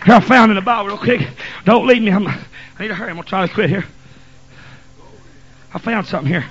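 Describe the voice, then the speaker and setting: A male preacher with a high voice, preaching in a folksy, hurried way and reading scripture between asides. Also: slightly rough, dull audio. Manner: folksy, hurried, dialect grammar. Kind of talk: sermon.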